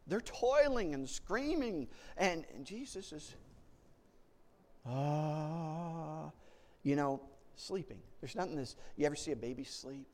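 A man preaching a sermon, animated, often restarting words and acting out panicked voices as he tells a story. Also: a little high.

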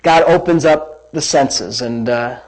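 A man preaching a sermon as pastor, reading scripture with lively emphasis and wandering into personal asides. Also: mid-range voice, slow pace, low-quality recording. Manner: animated, dramatic scripture reading with rising emphasis; rambling asides and self-corrections.

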